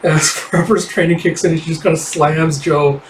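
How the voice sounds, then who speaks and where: A man's voice: on the high side, fairly even intonation, moderate pace, a little hiss or hum. A man casually narrating a game read-through, recapping scenes with fillers. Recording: roomy, distant mic.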